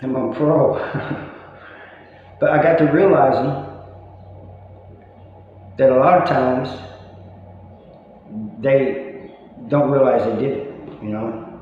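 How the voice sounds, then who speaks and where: A man's voice: medium pitch, slow pace, long pauses. Middle-aged man rambling in an echoey room. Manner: rambling, full of "you know" asides; chuckles at his own stories. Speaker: vlogger talking about life after prison. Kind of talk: casual storytelling monologue. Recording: very echoey, dull lo-fi room sound with faint noise.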